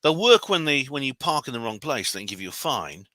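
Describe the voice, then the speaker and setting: A man, co-hosting a casual chat, explaining things in a measured way with filler hums. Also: medium pitch, very animated, bright, forceful tone, no echo.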